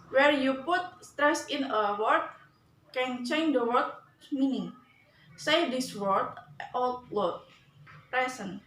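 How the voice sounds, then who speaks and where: A young woman from Indonesia reads her prepared speech in a high voice, slowly and deliberately, now and then stumbling over a word. Her voice rings in a roomy space, with faint noise underneath. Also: fairly bright tone. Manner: careful, deliberate reading with small slips. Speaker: student giving a speech.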